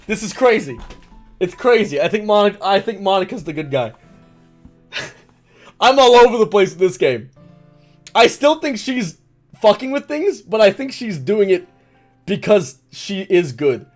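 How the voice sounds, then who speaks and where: A woman streaming a game, rambling excitedly as she theorizes about the story. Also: medium pitch, unhurried, pauses often, faint music behind. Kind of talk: let's play commentary.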